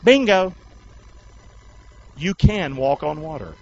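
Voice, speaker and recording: A preacher man with a high, lively voice who leans on slow, drawn-out phrases. He leads the congregation in call-and-response, swinging from shouts down to low asides. The recording is dull and lo-fi. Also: a little hiss or hum. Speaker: pastor. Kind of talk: sermon.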